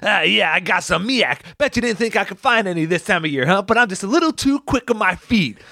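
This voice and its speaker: A man's voice: animated, fairly quick, vocal fry, sharp tone, dry recording, studio quality, heavily acted. A man impersonating a goofy, cocky bumpkin. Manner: high, drawling imitation.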